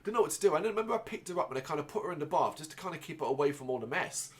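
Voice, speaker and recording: A man's voice: on the high side, animated, racing. A man, hosting a podcast and telling a rambling, emotional personal story, restarting often and swearing. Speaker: podcast host.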